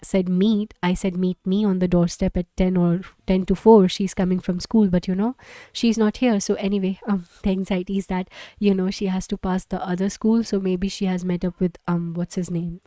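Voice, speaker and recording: A woman's voice: mid-range voice, mellow, no room sound, natural voice. A woman reading the part of an anxious, suspicious mother who argues with her teenage daughter, defensive and accusing.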